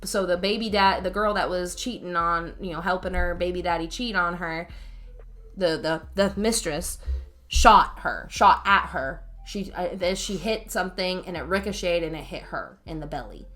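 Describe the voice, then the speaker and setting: In a laid-back podcast chat, this co-host, a special needs teacher, vents in a blunt, profane way with plenty of cursing. She has a lowish, fairly bright voice and talks at a normal pace.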